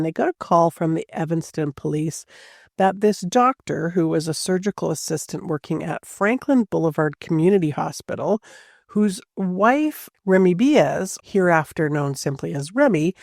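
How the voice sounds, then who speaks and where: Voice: mid-range voice, gravelly, a little mellow, dry recording, studio quality. A podcast host telling a true-crime story casually, with chatty asides and a lot of "like".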